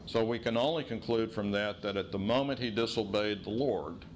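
A middle-aged man preaching a sermon as pastor, teaching in an earnest tone and slowing to stress key phrases. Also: on the low side, a little hiss or hum.

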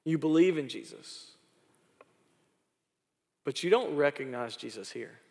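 Pastor preaching in an echoing hall. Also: male voice, on the high side, lively intonation, a little slow, vocal fry. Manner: preaching with repetition and rising emphasis, then soft prayer. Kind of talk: sermon. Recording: long hall reverb.

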